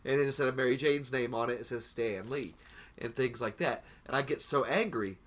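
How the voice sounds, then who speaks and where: A man on a casual podcast, ranting in profane bursts full of halting restarts. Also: medium pitch. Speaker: podcast co-host. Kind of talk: casual chat.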